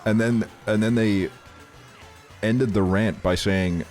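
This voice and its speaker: A young man with a deep, low voice chats casually on a live stream, joking and swearing as he rants. Faint music plays quietly behind him. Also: a little slow. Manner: profane, exasperated, joking. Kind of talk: casual chat.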